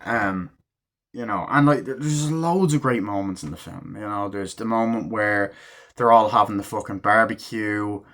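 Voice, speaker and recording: At normal speed and fairly low pitch, a man delivers an excitable, profanity-laced spoken film review, voicing the characters' lines while walking through the scenes.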